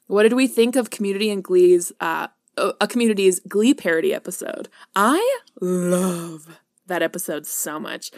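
A woman's voice: lowish voice, lively intonation, normal speed, no room sound, studio quality. A woman co-hosting a podcast in a casual chat, gushing and giggling, with many fillers. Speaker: podcast co-host. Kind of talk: casual pop-culture chat.

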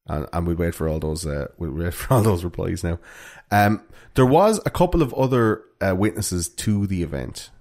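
A man's voice: low voice, animated, moderate pace, few pauses, darkish tone. A man hosting a casual true-crime podcast, rambling with plenty of fillers. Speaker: podcast host.

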